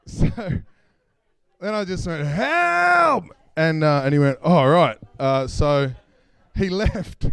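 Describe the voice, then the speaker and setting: A man's voice: on the high side, smooth. A man with an Australian accent telling a personal story on stage at a live event, casual and self-deprecating, chuckling as he goes. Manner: casual, self-deprecating, laughs through lines. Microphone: stage microphone.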